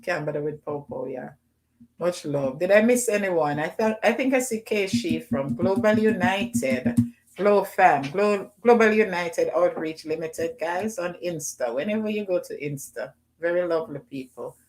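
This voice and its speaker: A middle-aged woman with a Jamaican accent, hosting a casual livestream and shouting out names from the chat. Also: fairly low pitch, expressive, normal speed. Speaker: livestream host. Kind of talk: casual live chat with viewers.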